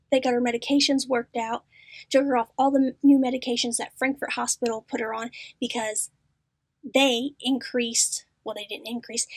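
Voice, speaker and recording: A middle-aged woman hosts a podcast, telling a story in a lively way and often dropping to a whisper. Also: sits high, slightly rough, dry recording. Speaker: podcast host. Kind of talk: casual storytelling.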